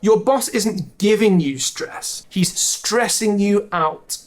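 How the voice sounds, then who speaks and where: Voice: medium pitch, slow. Dry-humored English teacher explaining phrases. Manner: dry, joking asides. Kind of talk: explaining a language lesson to camera.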